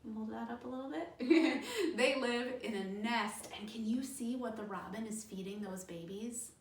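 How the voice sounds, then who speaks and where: A woman's voice: a little high, normal speed, echoey room, recorded from a distance. A woman librarian in her thirties leading a children's storytime, cheerful and sing-song as she talks to young kids.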